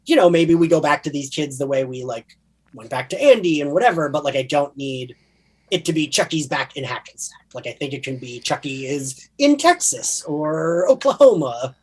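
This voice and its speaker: Podcast co-host, man from New Jersey, Jersey accent, lively up-and-down pitch, a bit husky. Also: moderate pace. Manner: chatty, many fillers, animated. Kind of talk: casual chat.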